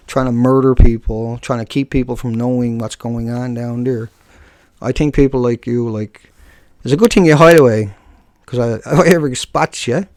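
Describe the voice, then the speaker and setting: A man ranting in a live video blog, combative and scornful, then drifting into joking asides. His mid-range voice carries a gravelly rasp. The sound is dry, with little room around it. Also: medium pitch, a little mellow, no echo. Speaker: video blogger. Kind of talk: live-streamed rant to viewers.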